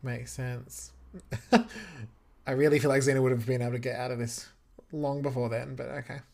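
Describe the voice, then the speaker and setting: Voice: mid-range voice, normal speed, creaky, darkish tone. A podcast co-host giving casual, sarcastic commentary on a TV episode. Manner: sarcastic, mocking.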